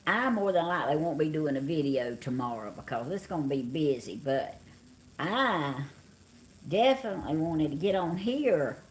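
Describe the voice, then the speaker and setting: Speaking at a normal pace in a low voice with lively intonation, this middle-aged Georgia woman has a Southern US accent and sounds tired, yawning as she chats on a live stream from her couch at home. She greets viewers by name, and a little hiss or hum sits under the audio.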